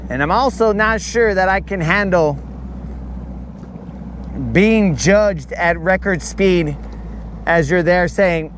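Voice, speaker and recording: A man's voice: high voice, slow pace, pauses often, slight background noise. A man chatting and joking with his live viewers while fishing from a boat on a lake. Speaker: fishing livestreamer. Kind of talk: casual live-stream chat.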